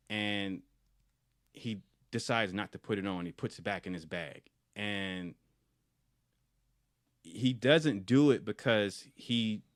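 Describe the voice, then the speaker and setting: A man, a podcast co-host, retelling a film scene in casual review chat, animated and often restarting and repeating words. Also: fairly low pitch, no room sound, studio quality.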